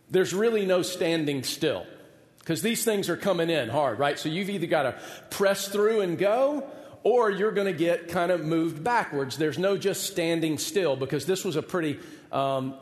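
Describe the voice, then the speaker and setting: A man in his forties, a pastor preaching a sermon, telling a personal story with humor and self-deprecating asides. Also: high voice. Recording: echoey hall, long reverb.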